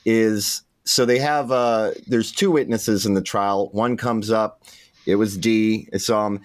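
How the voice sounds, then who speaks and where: A man in casual podcast chat, animated and swearing casually. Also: fairly low pitch, takes it slowly, dry recording.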